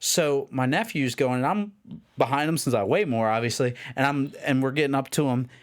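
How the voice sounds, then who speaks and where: A man, co-hosting a podcast and telling a long, rambling anecdote in casual chat, acting out the shouting of people in his story. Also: medium pitch, brisk. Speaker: podcast co-host.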